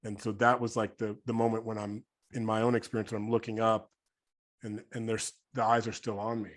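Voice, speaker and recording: A man's voice: fairly low pitch, level tone. Reflective man hosting a podcast. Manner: reflective and heartfelt, with halting restarts. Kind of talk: casual podcast conversation.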